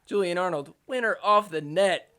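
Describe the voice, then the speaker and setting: A man hosting a podcast who gives excitable, joking recap commentary over match clips and swears freely. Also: sits high, normal speed, slight background noise. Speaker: podcast host.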